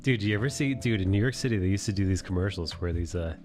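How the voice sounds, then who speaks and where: A man's voice: lowish voice, lively intonation, fast, darkish tone, faint music behind. Joking, swearing man hosting a stream. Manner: joking, swears freely, laughs often. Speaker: stream host. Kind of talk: casual chat while drawing.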